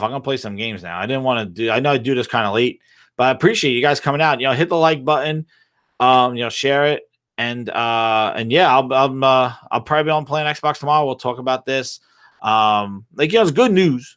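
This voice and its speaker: A man hosting a gaming podcast in a casual solo rant, rambling and swearing freely. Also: medium pitch. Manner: profane, rambling, animated. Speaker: podcast host.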